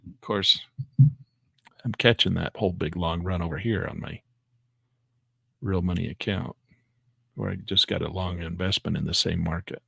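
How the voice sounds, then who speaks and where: A man giving excitable live commentary on his day trades, talking to himself and exclaiming as prices move. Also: low-pitched, moderate pace, vocal fry, long pauses, breathy edge, dry recording, clean studio sound. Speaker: day trading educator.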